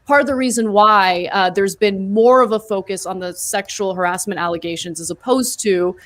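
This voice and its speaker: This is an emphatic woman co-hosting a political discussion. She talks casually but argues with conviction, in a voice of middle pitch that rises when she pushes a point. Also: moderate pace, fairly bright tone. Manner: emphatic, argumentative. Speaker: co-host.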